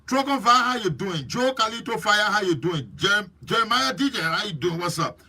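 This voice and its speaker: Husky, high-voiced Liberian man hosting. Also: normal speed. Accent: Liberian English. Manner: lively and preachy, teasing viewers by name. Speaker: host. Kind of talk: live-stream chat greeting viewers.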